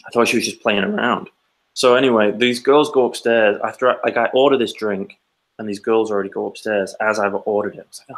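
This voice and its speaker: A man's voice: fairly low pitch, fairly even intonation, fairly quick, rough recording. A man co-hosting a casual podcast, telling a long rambling anecdote and acting out the quotes. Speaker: podcast co-host. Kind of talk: casual storytelling chat.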